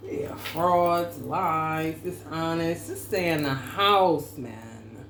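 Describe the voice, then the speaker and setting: A woman's voice: low voice, drawn-out words, few pauses, a bit bright. A woman who is a parent, giving a casual, profane tarot reading with lots of slang and laughter. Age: adult parent. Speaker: tarot reader. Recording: echoey room with faint background noise.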